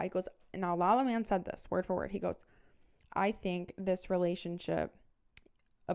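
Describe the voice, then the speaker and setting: Host, woman in her twenties, low-ish and smooth, blunt storyteller who swears freely. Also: a little mellow. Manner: candid, swears freely, dramatic retelling. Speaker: podcast host. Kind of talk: casual storytime.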